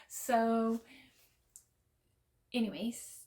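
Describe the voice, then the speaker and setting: Bubbly high-voiced young woman, slow chat. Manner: chatty, playful, self-deprecating asides. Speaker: book vlogger. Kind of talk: casual to-camera book chat.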